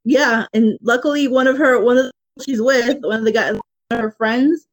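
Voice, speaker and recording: A woman's voice: fairly high pitch, fairly even intonation, moderate pace, rough recording. A woman in casual chat who rambles and restarts her sentences while telling stories.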